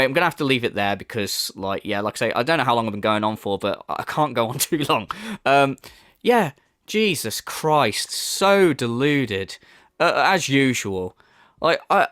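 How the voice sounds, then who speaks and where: Guy ranting and swearing, kinda high voice, scoffs a lot. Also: a bit bright, no room sound, studio quality. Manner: profane, mocking, laughs scornfully. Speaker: commentary youtuber. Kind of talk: angry rant commentary.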